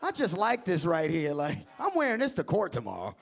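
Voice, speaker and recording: High, animated stand-up comedian. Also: male voice, a little fast, creaky, husky. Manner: animated, shouting punchlines. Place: comedy club stage. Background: audience laughter.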